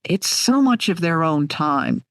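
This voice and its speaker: A woman in her sixties, an author being interviewed, telling stories in an animated, heartfelt way. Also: low-pitched, measured pace, no echo. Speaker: author guest. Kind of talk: conversational interview.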